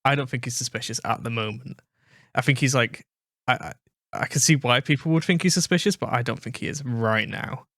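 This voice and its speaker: British guy from manchester reacting to a clip, keeps second-guessing, mid-pitch, dry close mic. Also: brisk, fairly bright tone, dry recording. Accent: British English. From Manchester, England. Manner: musing, second-guessing, repeats words. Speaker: reaction video host. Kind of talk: casual commentary over a clip.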